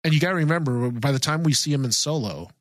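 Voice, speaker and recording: A man co-hosting a podcast in a casual chat, excited and rambling with frequent restarts. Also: medium pitch, quick pace, no room sound. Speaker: podcast co-host.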